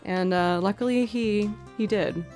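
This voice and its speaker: A young woman chatting casually on her livestream, full of "like" and filler, now and then slipping into soft baby talk. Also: medium pitch, unhurried, soft background music. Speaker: livestreaming musician.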